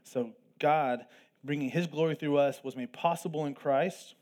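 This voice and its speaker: Male pastor, fairly high voice, earnest sermon delivery with plain asides. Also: a little mellow. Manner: earnest preaching with asides and quick self-deprecating jokes. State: throat tickle, coughing at times.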